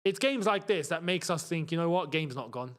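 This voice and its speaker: A young man gives live reaction commentary on a football match for his watchalong audience. His voice sits high and moves a great deal, and he breaks into shouts and laughter whenever a chance comes. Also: a little fast. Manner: excitable, shouts and laughs at chances, chatty asides.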